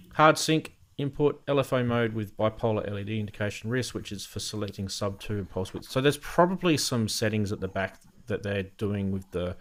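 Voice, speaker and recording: A man hosting a casual chat about synth modules, thinking aloud with frequent ums and restarts. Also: lowish voice. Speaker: host.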